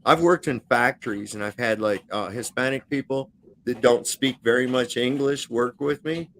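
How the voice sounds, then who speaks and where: A man's voice: medium pitch, moderate pace, a bit bright, a little hiss or hum. Blunt, cursing man on a video chat. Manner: blunt and profane, with frequent fillers. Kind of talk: casual chat on a livestream. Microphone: video call.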